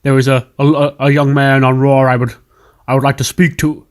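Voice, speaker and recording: A man's voice: medium pitch, flat delivery, normal speed, lightly acted. A man voicing a blustering, demanding older male wrestling company boss in a game recap. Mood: pompous. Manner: bossy, demanding.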